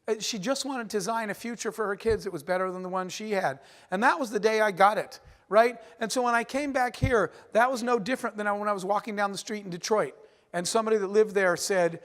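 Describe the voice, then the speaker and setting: Animated man speaking in a reverberant hall. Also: high voice, brisk. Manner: animated, conversational, frequent "right?" asides. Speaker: keynote speaker. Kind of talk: storytelling keynote speech. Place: large conference hall.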